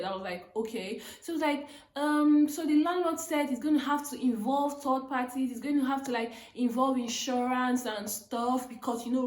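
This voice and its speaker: A woman's voice: fairly high pitch, echoey room. A young woman from Africa vlogging a storytime, retelling an argument with rising, emphatic outbursts. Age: young adult. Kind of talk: animated storytime. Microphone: phone.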